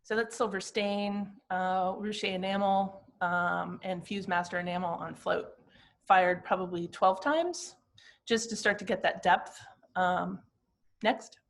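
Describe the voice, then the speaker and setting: A woman in her fifties speaks at an ordinary middle pitch, talking through slides of her glass art. Her delivery is reflective and halting, with the personal tone of someone explaining what each piece means to her. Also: fairly even intonation. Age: 50s. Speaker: glass artist presenting her work.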